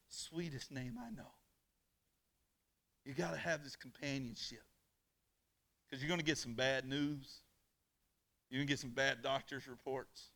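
A man preaching a sermon in church, calling on the congregation to answer back and swinging from hushed, close lines to loud declarations. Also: medium pitch, measured pace, creaky, long pauses. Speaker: pastor. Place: church on a weeknight.

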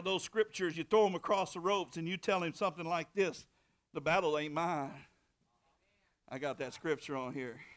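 A man preaching a sermon, with rising shouted bursts and call-and-response to the congregation. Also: a little high. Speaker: pastor.

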